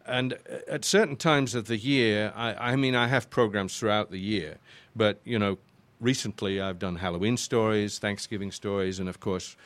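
A man's voice: on the low side, steady tone, normal speed, a bit bright. An older man from Yorkshire with an English accent, a voice actor chatting as a guest in an interview and rambling through his stories with restarts. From Yorkshire, northern England. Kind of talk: casual interview chat.

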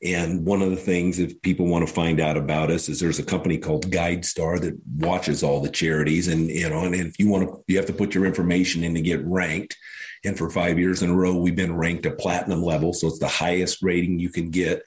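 Deep-voiced man telling stories. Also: little pitch movement, brisk. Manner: rambling storyteller, acts out quoted voices. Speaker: guest, charity founder. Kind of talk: casual interview talk. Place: radio studio.

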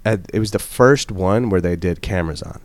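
A man hosting a podcast, telling stories in an animated, slangy casual chat. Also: deep voice, no room sound. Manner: fast, animated storyteller, slangy. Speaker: podcast host.

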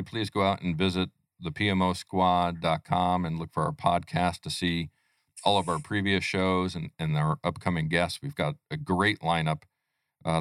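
Low-voiced male podcast host. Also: clean tone, no echo, studio quality. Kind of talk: live podcast interview hosting.

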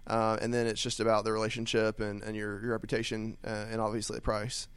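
A man's voice: lowish voice, completely flat delivery, fast, clean tone, no room sound. A man as a guest on a business radio show, answering questions in an easygoing way with frequent laughs. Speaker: guest, steel company owner. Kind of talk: casual interview answers. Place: radio studio.

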